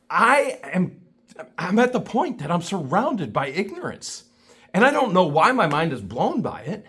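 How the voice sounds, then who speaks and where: A man's voice: sits high, pushed and bright, slightly rough. A man vlogging an indignant, scornful rant to camera, repeating himself for emphasis. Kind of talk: ranting commentary to camera.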